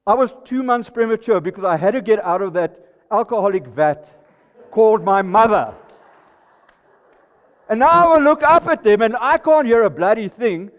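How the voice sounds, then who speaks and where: A man's voice: sits high, sing-song, moderate pace. A South African man in his sixties giving a comic, self-deprecating talk on stage at a live presentation night. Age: 60s. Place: live event venue hall. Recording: reverberant hall recording.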